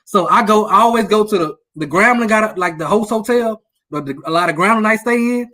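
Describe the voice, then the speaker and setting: A man's voice: sits high, a little fast, bright, forceful tone. A man on a casual sports podcast, telling stories in a playful, teasing way and laughing often. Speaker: podcast co-host.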